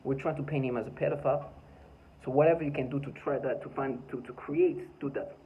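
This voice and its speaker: A man's voice: medium pitch, fairly even intonation, quick pace, phone-quality sound, a little hiss or hum. A man talking by his front door in an agitated, rambling vlog monologue, full of stammered restarts and bitter laughs. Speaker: vlogger.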